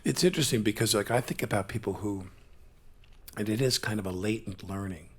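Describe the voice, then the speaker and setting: Low-voiced male host telling stories. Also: brisk, slightly rough. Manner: chatty storyteller who acts out anecdotes. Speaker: interview host. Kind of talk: casual interview on a live stage. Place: theater stage before a live audience.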